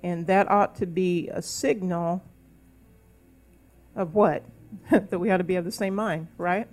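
A woman's voice: on the low side, steady tone, measured pace, darkish tone, faint music behind. A middle-aged woman minister preaching a sermon at a church service, sometimes speaking in tongues and rising into emphatic calls.

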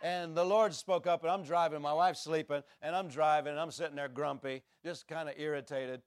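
A man's voice: fairly high pitch, fairly even intonation, a little fast, clear, resonant tone, no echo, studio quality. A man, a traveling minister, telling a personal testimony in a sermon with earnest, emphatic storytelling.

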